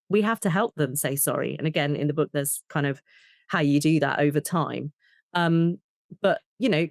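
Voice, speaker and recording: A woman, a therapist, talking in an interview, explaining with lively examples and acting out short bits of dialogue. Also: fairly low pitch, dry recording, clean studio sound. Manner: animated, acts out child and parent voices in examples. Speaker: attachment and trauma therapist, guest. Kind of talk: conversational interview.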